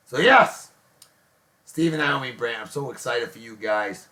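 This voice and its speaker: A man hosting a casual online show, gushing jokey praise and shout-outs to friends. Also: mid-range voice, unhurried. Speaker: host of a daily beer and music show.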